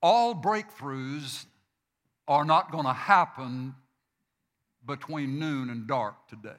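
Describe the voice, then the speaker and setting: A man preaching a sermon, slow and deliberate, repeating phrases for emphasis. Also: mid-range voice, lively intonation, fairly bright tone. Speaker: pastor.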